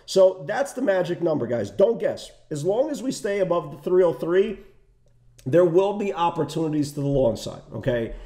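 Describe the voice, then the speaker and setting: A man giving casual, animated market commentary as a trading educator, full of asides and quick questions to the listener. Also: a little high. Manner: animated, conversational, many asides and "right?". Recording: echoey room.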